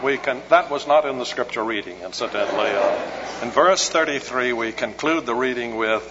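A man preaching an expository sermon in a measured, scholarly way with dry humor. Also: medium pitch. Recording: muffled hall recording with hum.

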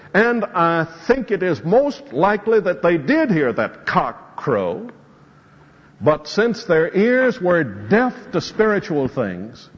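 Slow, animated preacher in a reverberant hall. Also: male voice, fairly high pitch, breathy edge. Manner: expository preaching, quoting scripture with rising emphasis. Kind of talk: sermon. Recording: muffled hall recording with long reverb.

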